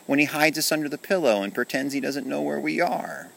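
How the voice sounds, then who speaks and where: A man doing a gentle, worried toy soldier. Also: on the high side, expressive, brisk, gravelly, voice pushed up, exaggerated voice, rough recording. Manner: soft, pleading, worried. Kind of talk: storybook reading.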